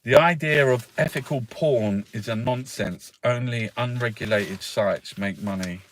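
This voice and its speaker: A man with a mid-range voice and an unhurried pace reviews the newspapers as a political commentator, with slight background noise. His delivery is a casual, sarcastic rant, full of swearing and frequent laughter.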